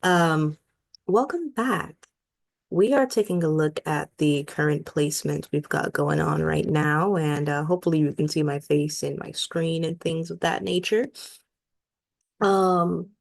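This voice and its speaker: A woman's voice: sits low, measured pace, gravelly. A young woman in her twenties, an astrologer losing her voice, giving a casual rambling lesson through her laptop mic on a video call, with many ums and uhs. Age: 20s. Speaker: astrologer host. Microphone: laptop built-in mic over a video call.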